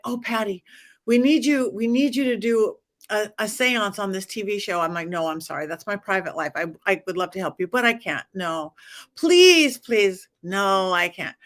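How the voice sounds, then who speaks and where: A woman's voice: mid-range voice, fairly bright tone. A middle-aged woman, a psychic medium guest, telling stories in a casual interview, acting out dialogue and laughing often.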